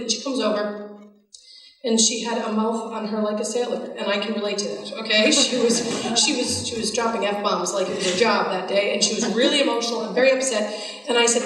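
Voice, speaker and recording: A woman keynote speaker spins a lively, self-mocking story and acts out every bit of dialogue. Her voice sits a little high. The sound reaches the mic from far off in a big room, with a long, heavy echo. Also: a little fast. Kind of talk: storytelling talk to an audience. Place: large hall with audience. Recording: echoey hall from far off.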